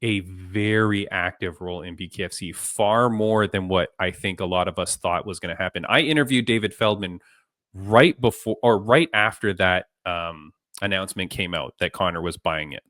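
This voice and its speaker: Brief: male podcast host, low voice, dry close sound, loose chatty delivery. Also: normal speed, a bit bright, no room sound. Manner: chatty, many fillers and restarts. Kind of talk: casual interview chat.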